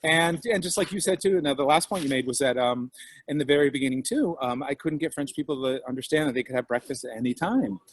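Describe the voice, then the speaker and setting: A man's voice: medium pitch, quick pace, slight background noise. A man, a diner owner and author, chatting casually over a video call and acting out his customers' reactions. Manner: animated storyteller, acts out customers' voices.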